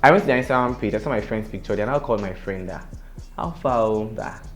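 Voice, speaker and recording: A young man with a Nigerian accent, telling a story on his vlog in an animated, dramatic way. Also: on the low side, rapid-fire, faint music behind. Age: young adult. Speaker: vlogger.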